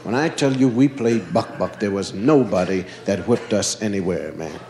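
A man's voice: fairly low pitch, moderate pace, echoey room. A man from Philadelphia telling a long childhood story on stage as a stand-up comedian, acting out the characters. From Philadelphia, USA. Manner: animated storyteller, acts out characters.

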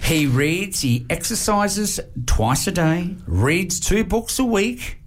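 A man's voice: high-pitched, lively intonation, takes it slowly. A man, co-hosting a casual chat and telling jokes with a playful manner. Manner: playful, laughs at own jokes. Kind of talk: casual joke-swapping chat.

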